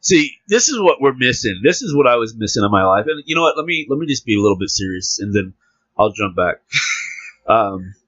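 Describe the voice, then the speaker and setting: A man hosting a casual podcast, laughing often and reading a news story aloud with halting restarts. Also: medium pitch, big pitch swings, fairly bright tone, no echo. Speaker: podcast host. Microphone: close podcast mic with headphones. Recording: dull lo-fi dry podcast audio.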